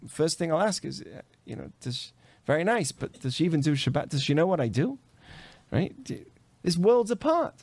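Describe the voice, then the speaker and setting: A man, a rabbi, giving an animated podcast talk full of rhetorical questions. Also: high voice, dry recording. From grew up in a committed Jewish home.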